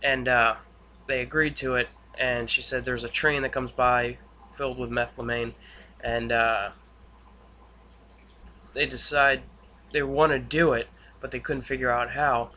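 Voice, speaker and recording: A man's voice: mid-range voice, flat delivery, a little slow, long pauses, pushed and bright. A young man recapping a TV episode in casual, rambling speech with many fillers and restarts. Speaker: YouTube reviewer.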